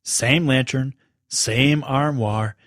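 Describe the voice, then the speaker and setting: A man narrating a children's story in an expressive, unhurried way. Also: mid-range voice, no room sound, studio quality.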